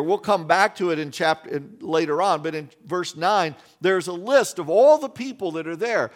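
High-voiced man preaching conversationally. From West Virginia. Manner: conversational, restarts and folksy asides. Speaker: pastor. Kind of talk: sermon.

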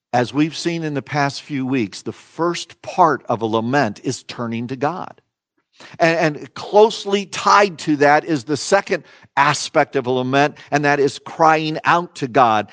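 A man with a fairly high voice preaches a sermon at an unhurried pace, earnest and emphatic. He lets key phrases hang in slow, dramatic pauses. The sound is close and dry, with no room echo. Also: fairly bright tone. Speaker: pastor.

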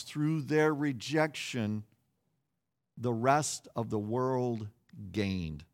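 A man preaching a sermon, telling a story in an animated way, acting out quoted voices, with frequent restarts and repeated words. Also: medium pitch. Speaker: pastor.

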